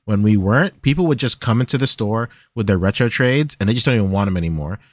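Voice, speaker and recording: A man's voice: on the low side, lively intonation, fast, dry recording. A man co-hosting a podcast in casual chat, laid-back and hesitant, with many fillers and restarts. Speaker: podcast co-host.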